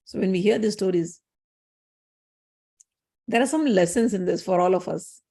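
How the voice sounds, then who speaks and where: A woman's voice: mid-range voice, normal speed, creaky, long pauses, mellow, slightly rough. A woman, a spiritual teacher retelling scripture stories in a conversational lesson, often repeating and restarting phrases.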